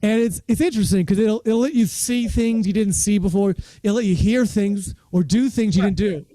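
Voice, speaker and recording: High-voiced man telling rambling stories. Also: normal speed, no echo, rough recording. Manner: rambling, animated, self-deprecating storyteller. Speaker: stand-up comedian guest. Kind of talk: casual storytelling chat. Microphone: video call.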